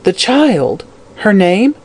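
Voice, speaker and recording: A narrator voicing a calm, gentle male lawyer. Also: medium pitch, breathy edge, pitched above the performer's own voice, exaggerated voice. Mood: earnest. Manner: measured and calm. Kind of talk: audiobook character voice.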